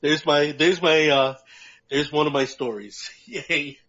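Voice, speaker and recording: A man co-hosting a podcast, telling a long, profane, animated story about a prank with lots of laughter. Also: fairly high pitch, slow pace. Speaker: podcast co-host. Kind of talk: casual storytelling chat. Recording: muffled lo-fi audio.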